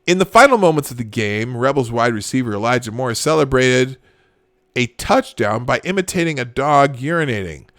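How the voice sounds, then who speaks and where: A man's voice: medium pitch, animated, normal speed, fairly bright tone, no room sound, clean studio sound. A man hosting a casual live show, reacting to online posts with frequent exclamations and laughter. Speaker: host.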